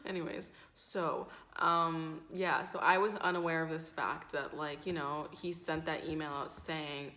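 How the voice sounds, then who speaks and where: Woman in her 20s rambling a storytime into the camera, bright voice, says like constantly. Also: low voice, unhurried, few pauses. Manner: rambling, swearing, lots of "like". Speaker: vlogger. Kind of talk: casual storytime. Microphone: camera mic.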